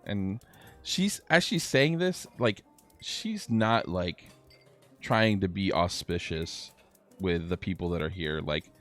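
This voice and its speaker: A man's voice: low voice, lively intonation, takes it slowly, a bit bright, soft background music. A man narrating a tabletop game as dungeon master, casual and often restarting his sentences. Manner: casual, laughing, with many restarts.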